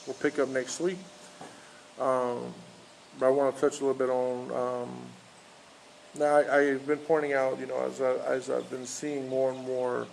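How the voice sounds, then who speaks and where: Gravelly-voiced pastor preaching, halting delivery. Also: male voice, medium pitch, a little hiss or hum, poor audio. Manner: halting, many fillers and restarts. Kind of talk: informal outdoor sermon with storytelling. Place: outdoors in a park.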